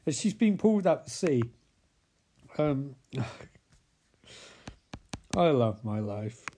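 A man's voice: medium pitch, very animated, slow pace, dark tone, slight background noise. A young man recapping a film with sarcastic, rambling, sweary commentary. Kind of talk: comedic movie recap.

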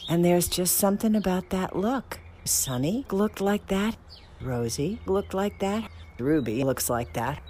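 A middle-aged woman telling a rambling personal story about dogs at home, animated, with squealing quoted excitement. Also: on the low side, unhurried, noisy background. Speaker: dog owner telling a story. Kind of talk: casual storytelling. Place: outdoors then indoors at home with dogs.

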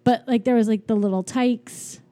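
Chatty woman with a mellow voice. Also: fairly high pitch, fairly even intonation, normal speed. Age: adult parent. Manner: chatty, rambling, laughs often, many fillers. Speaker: podcast co-host. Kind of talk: casual chat recapping a movie.

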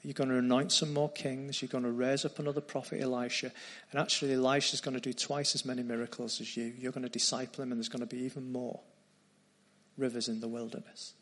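A man voicing God speaking gently and quietly, within a sermon. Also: medium pitch, flat delivery, fast talker, long reverb tail, natural voice. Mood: gentle.

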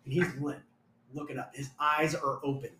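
A man's voice: on the high side, normal speed, heavy background noise. A young man telling a story in casual chat, swearing a lot and acting out what people said. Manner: profane, animated, acts out quotes loudly. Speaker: storyteller guest. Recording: echoey room.

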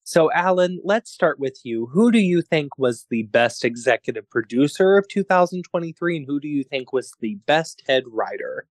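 Brief: male podcast host, relaxed, chatty, dry close sound. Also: on the high side, normal speed, few pauses, no echo. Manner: relaxed, chatty, laughs often. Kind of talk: casual podcast chat.

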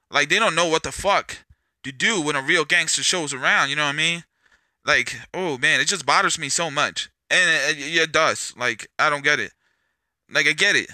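A man's voice: a little high, sharp tone, no room sound. A man hosting his own podcast, talking in a rambling, profane, casual way and dropping "man" and "bro" into his sentences. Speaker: podcast host. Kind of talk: casual solo podcast rant.

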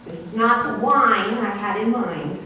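A woman voicing a kindly older male farmer gently coaxing his vines in a read-aloud story, recorded from far off in an echoey hall. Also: mid-range voice, a little slow, slight background noise.

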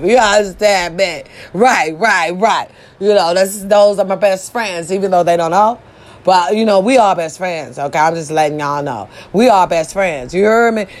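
A woman ranting casually about people online, profane and animated, often jumping to high squeals. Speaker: social media commentator. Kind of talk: casual reaction rant.

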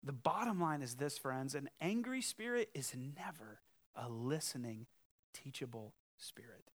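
This pastor's sermon is emphatic and unhurried, delivered in an animated, medium-pitched voice. He shifts from loud challenges to quiet, earnest appeals, with conversational asides and rhetorical questions along the way.

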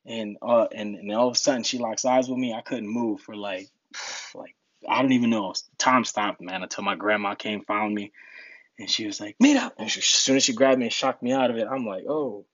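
A man's voice: on the low side, steady tone, a little fast, fairly bright tone, no room sound, highs cut off. A young man from New Jersey, a podcast guest telling stories in a laid-back way, laughing often. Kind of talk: casual storytelling.

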